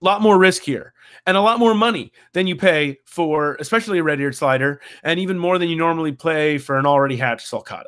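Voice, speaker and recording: Male podcast co-host, slightly high voice, hesitant and halting, casual chat. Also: fairly bright tone. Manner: hesitant, many restarts and fillers.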